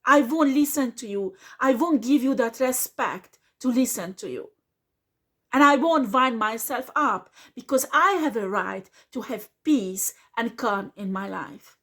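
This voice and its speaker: A woman's voice: on the high side, animated, unhurried, fairly bright tone. A woman, speaking earnestly as a tarot reader who repeats herself and slips into words now and then. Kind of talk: casual spoken reading.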